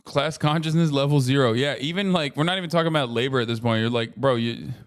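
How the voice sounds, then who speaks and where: Man in his 30s, reaction streamer, slightly high voice, loose profane ramble. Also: fast. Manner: profane, rambling, animated asides. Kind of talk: casual stream chat.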